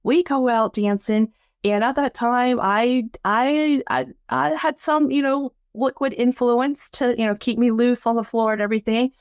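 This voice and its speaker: A woman telling a personal story in a lively, casual way, acting out the voices she quotes and laughing along. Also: measured pace, no echo, studio quality. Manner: animated, acts out quoted voices with big pitch jumps; laughs often while telling. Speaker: guest storyteller.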